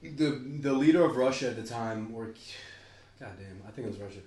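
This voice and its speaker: A man's voice: medium pitch, lively intonation, fairly quick, darkish tone. A man co-hosting a podcast, talking in a loose, rambling way with plenty of swearing and sudden jumps between ideas. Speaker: podcast co-host. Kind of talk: casual podcast chat. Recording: roomy echo.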